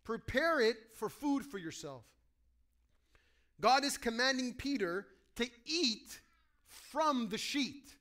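A man preaching a sermon to a congregation, animated, acting out quoted voices and asking his listeners questions. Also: very high voice, slow. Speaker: pastor.

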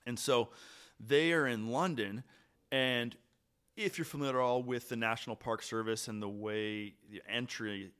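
A man hosting a podcast, telling a hiking story in a relaxed, chatty way with pauses and restarts. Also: medium pitch, clean tone. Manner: animated, trailing pauses and restarts. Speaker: podcast host. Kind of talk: casual storytelling chat.

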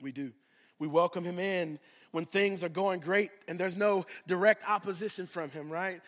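A man preaching a sermon, swinging from loud declarations to hushed asides and repeating phrases for emphasis. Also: high voice, long reverb tail. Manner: addresses congregation directly, repeats phrases for emphasis. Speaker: pastor.

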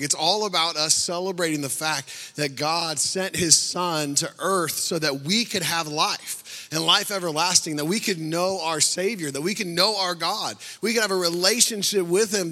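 A man preaching a sermon as a pastor, telling stories with animated energy and frequent laughs. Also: on the high side, long reverb tail. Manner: animated storytelling, laughs often.

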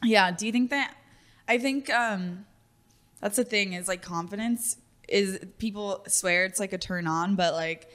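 A young woman chats on her podcast, loose and giggly, her sentences full of fillers and quick asides. She talks in an easygoing, everyday way as co-host. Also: medium pitch, fairly bright tone. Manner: chatty, giggly, filler-heavy. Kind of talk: casual chat.

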